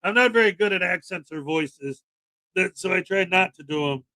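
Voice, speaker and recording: A man's voice: high voice, animated, normal speed, pushed and bright, no echo. A man hosting a casual live stream, joking sarcastically and chuckling as he comments. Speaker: streamer host.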